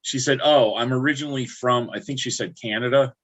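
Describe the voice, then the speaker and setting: A man's voice: medium pitch, fairly quick, a bit bright. A man from upstate New York chatting casually on a livestream, rambling and restarting his words often. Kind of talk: casual chat.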